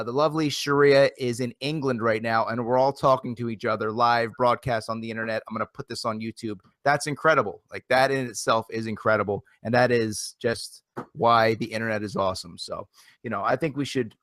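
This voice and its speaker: An energetic man hosting a casual live internet show, often doubling back over his words. His voice sits in a middle pitch and sounds dry and close to the mic. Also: no echo. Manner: rambling, repeats phrases, energetic. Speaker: host. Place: home near Philadelphia.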